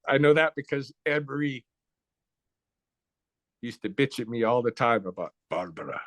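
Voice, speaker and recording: A middle-aged man from the Blackfoot Nation, talking as an interview guest in a blunt, profane, relaxed storytelling way. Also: mid-range voice, normal speed, no room sound. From Blackfoot Nation, North America. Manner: relaxed, conversational, with short restarts.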